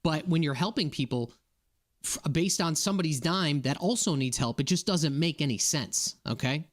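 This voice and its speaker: A man's voice: on the high side, normal speed. Indignant man ranting to viewers. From Massachusetts. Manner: indignant, keeps checking in with "okay?" and "right?". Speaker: political commentator. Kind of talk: casual political rant to viewers.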